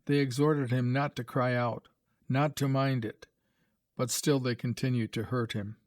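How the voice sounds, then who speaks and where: Brief: male narrator for a graded reader, mid pitch, dry and close. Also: no room sound. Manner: measured, even storytelling.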